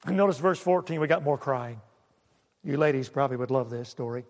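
A man preaching a sermon, swinging between loud and hushed and asking the congregation questions. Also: mid-range voice, fairly quick, in a large hall. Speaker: pastor.

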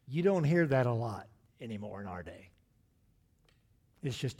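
A man, middle-aged, preaching a sermon, swinging from loud emphatic lines to hushed, drawn-out asides. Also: medium pitch, big pitch swings, breathy edge. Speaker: pastor.

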